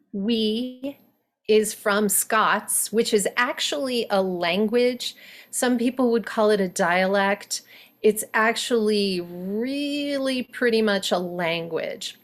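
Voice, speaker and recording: A woman coaching actors on dialects in a relaxed, conversational lecture. She talks at a medium pitch, corrects herself as she goes, and drops into quick accent samples to show her points. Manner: chatty, self-correcting, acts out short accent samples. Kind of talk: workshop lecture.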